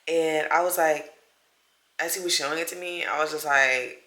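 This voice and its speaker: A young woman vlogging at home, telling stories in a chatty, animated way and acting out what people said. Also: low-pitched, brisk. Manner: chatty, animated, acts out quotes. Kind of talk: casual storytelling vlog. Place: home, small room. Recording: echoey room.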